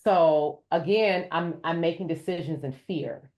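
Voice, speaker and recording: A woman who is a podcast guest, telling her story in an animated way and raising her voice to act out what others said. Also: deep voice, measured pace. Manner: addresses listeners as "y'all". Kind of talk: storytelling in an interview.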